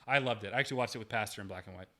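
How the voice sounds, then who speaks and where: A man hosts a casual livestream, thanking viewers and chatting about movies in a loose, joking way. His voice is bright and forward. He pokes fun at himself easily. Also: on the low side, very fast. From United States. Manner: chatty, self-deprecating, joking. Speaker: livestream host reading viewer chats.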